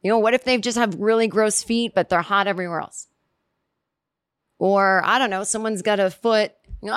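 A woman's voice: mid-range voice, steady tone, moderate pace, smooth, no room sound, studio quality. A woman telling a casual comic story, rambling and chatty, acting out quoted reactions as she goes.

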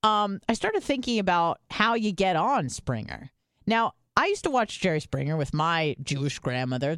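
A woman's voice: low-pitched, no room sound, clean studio sound. A woman co-hosting a podcast, telling stories in casual chat and swearing freely. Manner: chatty storytelling, swears freely. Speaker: podcast co-host.

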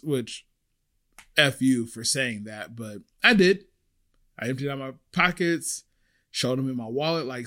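A young man casually telling a story to camera about his time as a restaurant server, chatty and full of fillers, getting louder and higher when worked up. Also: normal speed.

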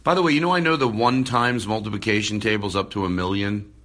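A man hosting a podcast, talking casually and excitably, with many restarts, recorded into a phone. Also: on the low side, quick pace. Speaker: podcast host. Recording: phone recording, far from the mic.

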